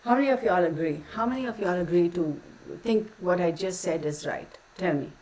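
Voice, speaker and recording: A woman's voice: lowish voice, a little fast, a little mellow, poor audio. Blunt woman reading tarot. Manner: blunt, profane, heated. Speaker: tarot reader. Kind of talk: casual tarot reading with opinion rant.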